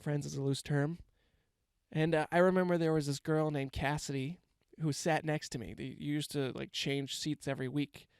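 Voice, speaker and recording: Rambling, swearing man with a smooth voice. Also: fairly high pitch, fairly even intonation, normal speed, no room sound, clean studio sound. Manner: rambling, profane, self-mocking. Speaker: comedian. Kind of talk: casual comedic storytelling monologue.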